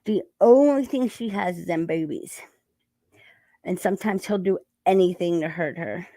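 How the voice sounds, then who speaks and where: A woman's voice: lowish voice, normal speed, mellow, no echo. A woman hosting a casual chat, talking while eating and laughing often. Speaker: channel host.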